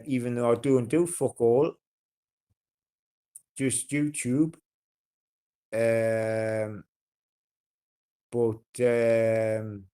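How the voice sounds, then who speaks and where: Man, broad Geordie accent, livestream chat, unhurried pace, sweary, rambling, blunt. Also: medium pitch, a little mellow, smooth. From North East England. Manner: blunt, sweary, rambling with many fillers and restarts.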